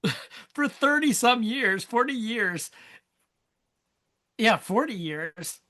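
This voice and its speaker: A podcast host asking the questions in a relaxed, casual panel chat, with asides and quoted lines. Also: medium pitch, slow.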